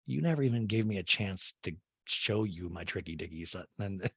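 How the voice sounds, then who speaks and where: Man, sarcastic comic podcast host, profane, mimics people, animated pitch, dry close mic. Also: normal speed, breathy edge, dry recording. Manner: sarcastic, profane, jumps into exaggerated voices. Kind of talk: comic recap with mimicked quotes.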